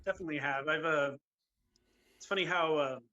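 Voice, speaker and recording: A man's voice: a little high, fairly quick, bright, forceful tone, muffled recording. A man from Utah, a guest on a podcast, talking in an easygoing, matter-of-fact way in casual group chat. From Utah, United States.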